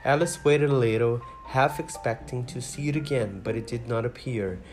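A man narrating a storybook in a measured, even way. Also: medium pitch. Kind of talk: storybook reading. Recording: reading over guitar music. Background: guitar music.

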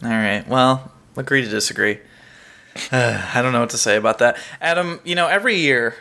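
A man's voice: mid-range voice, brisk, creaky, sharp tone. A man co-hosting a podcast, chatting casually and reading out a quiz with lots of laughter. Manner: playful, laughs often. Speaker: podcast co-host. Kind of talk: casual chat, quizmaster.

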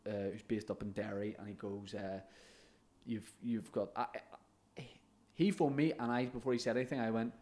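A man's voice: mid-range voice, a little fast, a little hiss or hum. A man, a comedian and podcast co-host, telling stories in casual chat, laughing often and swearing now and then.

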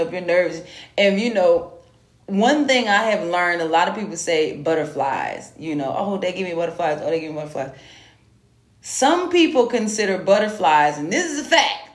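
In a reverberant, mid-range voice, a woman hosts a podcast, talking bluntly and cursing a lot in a loose, animated monologue. Again and again she checks in with her audience, saying "you know what I'm saying."

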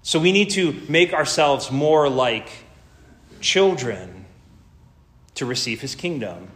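A man's voice: medium pitch, lively intonation, slow. A man preaching a sermon in an earnest, emphatic way, building lists and drawing out key words. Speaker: pastor.

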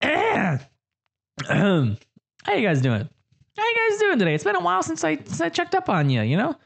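Young male comedy podcast host; rambling, jokey, crude, lively pitch swings. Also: normal speed, creaky. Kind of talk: casual comedic monologue.

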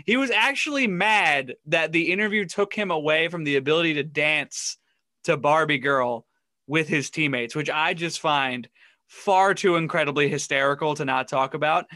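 A man's voice: a little high, moderate pace, pushed and bright, no room sound, studio quality. A man co-hosting a casual sports podcast, recounting funny stories and laughing often. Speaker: podcast co-host.

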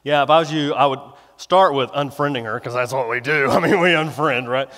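A man's voice: medium pitch, fairly quick, a bit bright, in a large hall, lightly acted. A man doing a sneaky whispering tempter. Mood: wheedling. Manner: chummy, gossipy, wheedling. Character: sly whispering tempter spirit, smooth and sneaky.

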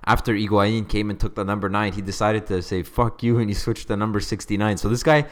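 Deep-ish guy dropping dry one-liners on a football podcast. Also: steady tone, fast talker. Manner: dry, blunt quips. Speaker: podcast co-host. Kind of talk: casual football podcast chat.

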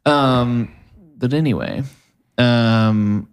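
Guy on a podcast, middle pitch, rambles with lots of ums and likes. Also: extremely slow, smooth. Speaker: podcast co-host. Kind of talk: casual podcast chat.

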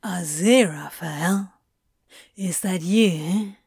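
A smooth, calm male demon, as a woman reader puts him on, his voice dropped lower and a little husky. He talks slowly and coaxingly, rich and smooth, in a dry, close recording. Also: no room sound, exaggerated voice.

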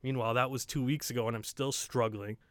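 A man co-hosting a podcast in easy, laid-back chat, laughing now and then. His voice sits at a middle pitch and sounds dry and close, with no room around it. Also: steady tone, fast talker, dry recording. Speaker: podcast co-host. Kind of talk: casual chat. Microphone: home studio mic.

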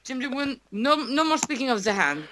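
A woman's voice: high voice, very animated, brisk, fairly bright tone. A woman playing an eccentric, beret-obsessed oddball who talks about herself in the third person, in an improv comedy bit. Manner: talks about herself in the third person, clumsy formal phrasing, sudden apologies. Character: eccentric beret-obsessed woman called Jim Jim, oddly formal.

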